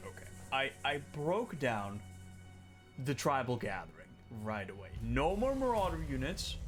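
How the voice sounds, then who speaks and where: A man streaming a strategy game, thinking aloud in casual, excitable commentary and swearing freely. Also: medium pitch. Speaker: gaming streamer. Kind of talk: casual let's-play commentary.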